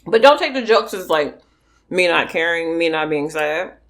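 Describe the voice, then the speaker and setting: A woman's voice: on the low side, animated, normal speed, a bit bright. A young woman from California talking bluntly and emphatically to her viewers while eating on camera. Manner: blunt, emphatic, talks between bites. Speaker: mukbang vlogger. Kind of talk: casual eating vlog chat.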